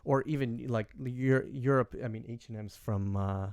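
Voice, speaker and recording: A young man from Canada telling a story in casual podcast chat, rambling with many fillers and animated quoting. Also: mid-range voice, moderate pace, no echo. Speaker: podcast host.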